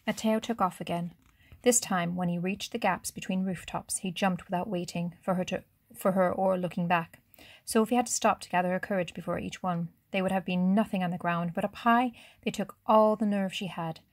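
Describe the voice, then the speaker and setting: Female audiobook narrator, measured storytelling, dry close sound. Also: fairly low pitch, fairly even intonation, no room sound. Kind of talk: scripted narration.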